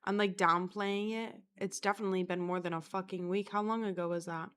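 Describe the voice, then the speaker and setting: A woman's voice: on the low side, expressive, normal speed, few pauses, smooth. A young woman from Florida rambles through a casual storytime vlog. She is chatty and crude, swears constantly and laughs at herself as she talks. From Florida, USA. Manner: chatty, crude, swears a lot, self-mocking. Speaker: vlogger.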